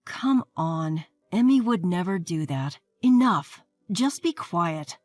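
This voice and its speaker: Brief: a woman reading a man keeping the peace, firm and steady, in a storybook telling. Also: on the low side, slow pace, no room sound, soft background music. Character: calm older brother mediating. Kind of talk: scripted story narration.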